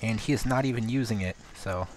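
Male gamer-host, low register, jokey fake accent, self-deprecating play-by-play; noisy, clicky recording. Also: fairly quick. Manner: self-mocking, jumps from mumbling to excited outbursts; playing around with a put-on accent. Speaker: gaming video host. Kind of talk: let's-play game commentary.

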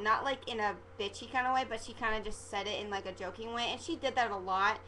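A woman's voice: fairly high pitch, noisy background. A young woman chatting in a rambling, gossipy way in her bedroom as a fan vlogger. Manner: chatty, rambling, quick to get defensive. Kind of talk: casual chat. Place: bedroom at home.

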